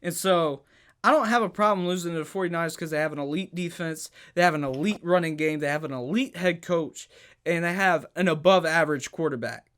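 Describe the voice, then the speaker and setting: A man's voice: a little high, fairly quick, fairly bright tone. A man hosting a sports podcast, arguing heatedly, stammering and restarting, pressing home his points with rhetorical questions. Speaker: podcast host.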